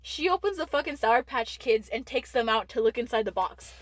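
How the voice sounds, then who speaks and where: A woman's voice: fairly high pitch, animated, brisk, a loud crowd. Chatty teen woman telling a story. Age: teens. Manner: candid, swears freely, many "like" fillers. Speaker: podcast co-host. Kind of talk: casual storytelling chat.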